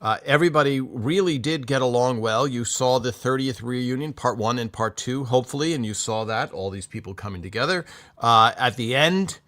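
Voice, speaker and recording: A man's voice: mid-range voice, normal speed, a bit bright. A man hosting a casual livestream, greeting viewers and reading their comments in a rambling, chatty way with many fillers. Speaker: livestream host.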